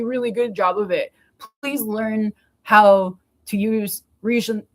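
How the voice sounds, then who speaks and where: A middle-aged woman from Canada venting in a casual, blunt monologue, swearing often and laughing between words. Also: medium pitch. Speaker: vlogger.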